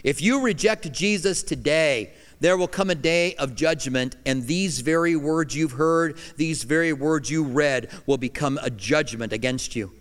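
Middle-aged male pastor, emphatic sermon delivery that rises loud and drops hushed, resonant voice, church hall reverb. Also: a little high, measured pace, hardly any pauses. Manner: emphatic preaching, swinging between loud declarations and hushed lines.

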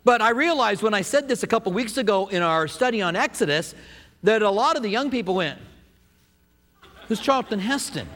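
A man preaching to his congregation in a casual, animated way. His voice sits fairly high, and he keeps throwing questions out to the room. It comes through with a long, ringing hall reverb. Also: normal speed. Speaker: pastor. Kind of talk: sermon.

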